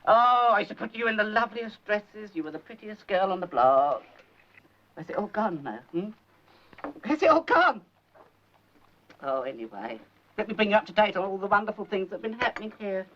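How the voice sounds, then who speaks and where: A nagging, overbearing elderly mother, played by an actor in a 1970s film comedy, who fancies herself a psychic. She rambles and gossips, and her voice swoops high and low. The old soundtrack is dull and lightly hissy. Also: big pitch swings, a little fast, long pauses, natural voice. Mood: fussing. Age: older. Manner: fussy, gossipy, rambling, theatrical swoops in pitch.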